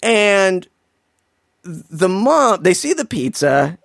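A man's voice: sits high, very animated, very slow, creaky, fairly bright tone, no echo, clean studio sound. A man doing a sarcastic, exasperated comedic recap of a film, swearing freely.

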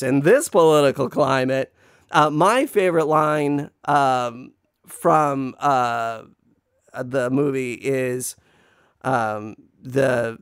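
A man's voice: medium pitch, smooth, no room sound, studio quality. A man casually reviewing a movie, rambling with many fillers and restarts, wryly griping. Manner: wry, playfully griping. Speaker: film reviewer.

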